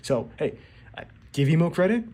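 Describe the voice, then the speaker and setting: A man's voice: fairly high pitch, sing-song, normal speed, darkish tone. A man giving casual video commentary on an anime, rambling and restarting his words as he acts out quotes.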